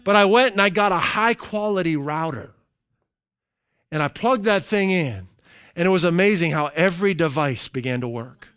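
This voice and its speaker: Middle-aged man, pastor, sermon, emphatic slow phrasing, chatty asides, high voice, dry close sound. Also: animated, a bit bright, smooth, no room sound. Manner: slows down for emphasis, conversational asides.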